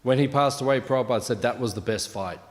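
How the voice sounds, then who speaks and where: A man's voice: mid-range voice, quick pace, big-room sound. A man giving a morning scripture class, telling anecdotes in a casual way, full of fillers and "right?" asides. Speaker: class speaker.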